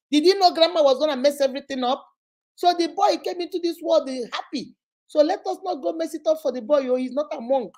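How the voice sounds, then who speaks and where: A woman's voice: high-pitched, brisk, warm tone. A woman hosting a live advice session, emphatic and motherly, repeating points and calling the listener baby. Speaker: relationship advice host and child therapist.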